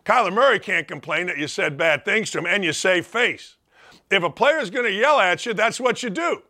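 A man's voice: high-pitched, expressive, moderate pace. A man hosting a sports talk show, delivering a blunt, emphatic, opinionated monologue and repeating his points for punch. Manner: blunt, emphatic, repetitive, acts out shouted quotes.

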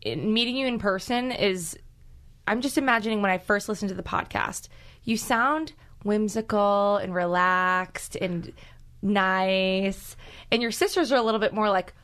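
A woman's voice: mid-range voice, measured pace, fairly bright tone, smooth. A woman co-hosting a podcast, chatting casually in a rambling way and finishing others' sentences. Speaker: podcast co-host. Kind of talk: casual chat. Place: podcast studio.

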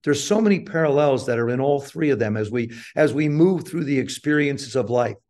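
Speaking a little quickly in a mid-range voice, this older interview guest spins a self-mocking anecdote and brings its quoted lines to life.

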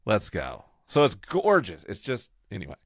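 A young man co-hosting a casual chat, joking with puns and telling animated stories. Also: on the low side, normal speed, dry recording, clean studio sound. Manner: playful, punning, animated storyteller. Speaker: co-host.

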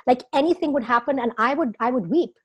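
Expressive woman guest, fairly high voice. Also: quick pace, husky. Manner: expressive, emotional, laughs often, many fillers. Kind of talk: casual interview chat.

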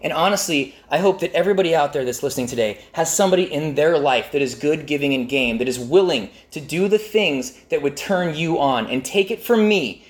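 Animated male storyteller, very lively pitch. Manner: animated, self-mocking, with jumpy pitch swings for emphasis. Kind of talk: comic personal storytelling.

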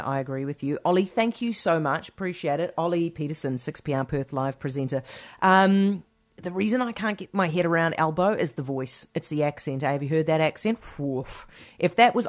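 A woman with an Australian accent, a radio host giving chatty, opinionated talk. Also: low-pitched.

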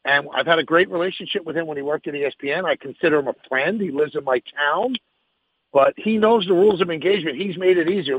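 A man's voice: on the high side, fast, husky, dry recording, narrow, tinny audio. A man who hosts sports radio, answering interview questions frankly and emphatically, thinking aloud as he goes.

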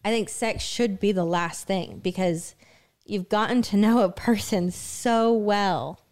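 A woman's voice: medium pitch, measured pace, darkish tone. A woman co-hosting a casual reaction chat, talking earnestly and reflectively. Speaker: co-host reacting to a clip.

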